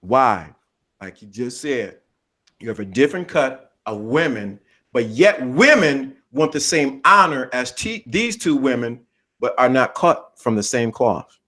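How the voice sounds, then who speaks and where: Preachy, animated podcast man. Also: mid-range voice, measured pace. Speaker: podcast co-host. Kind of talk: casual podcast talk.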